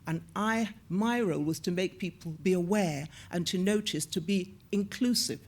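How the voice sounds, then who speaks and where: A woman in her sixties, an actor and former TV presenter, telling lively stories in an onstage interview and acting out the voices she quotes. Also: on the low side, moderate pace. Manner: lively storyteller who acts out quoted voices. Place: on a stage at a screening event.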